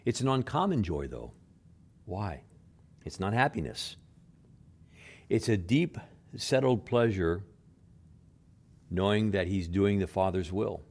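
Taking it slowly and pausing often, a male pastor delivers an expressive sermon. Loud, emphatic lines give way to quiet, low asides, and he repeats words and softly enacts quoted speech.

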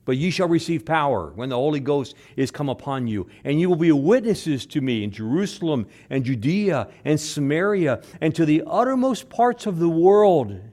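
A man preaching a sermon, repeating phrases for emphasis and swinging between loud stresses and hushed words. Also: a little high, animated, normal speed, hardly any pauses. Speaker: pastor.

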